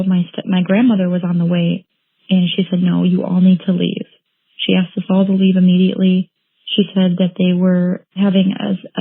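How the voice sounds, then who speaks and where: A woman telling her own painful story as an interviewee, halting and repeating phrases as she recounts what happened. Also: on the low side, no echo. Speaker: interviewee, bereaved mother. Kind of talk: emotional personal account. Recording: tinny phone-like line, dry.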